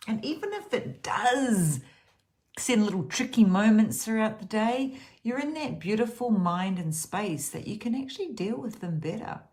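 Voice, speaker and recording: A woman's voice: medium pitch, lively intonation, moderate pace, darkish tone. A woman giving a casual, rambling self-help talk about gratitude, earnest and prone to repeating herself.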